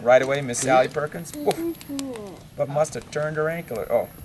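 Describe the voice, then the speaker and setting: A man's voice: medium pitch, fast talker. Man with a drawl. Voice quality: drawling hick dialect, chuckles at his own punchlines. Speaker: campfire storyteller. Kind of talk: folksy comic monologue. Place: outdoors at a campfire.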